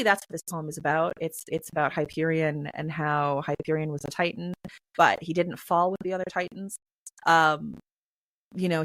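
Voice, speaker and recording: A woman guest in an interview, explaining in a chatty, animated way with many filler phrases. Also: on the low side, no room sound, rough recording. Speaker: poetry reader and performer, interview guest.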